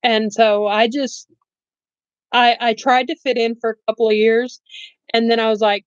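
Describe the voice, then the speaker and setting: A woman's voice: fairly high pitch, flat delivery, moderate pace, smooth, no room sound, lo-fi sound. A middle-aged woman chatting casually on a live stream, blunt and rambling, laughing often and saying she has no filter. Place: bedroom at home.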